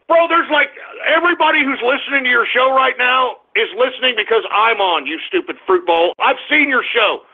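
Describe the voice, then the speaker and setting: Man, radio host, brash, confrontational rant, high voice, tinny phone-line sound. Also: expressive. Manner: brash, confrontational, drawn-out taunts. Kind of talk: ranting call-in radio show.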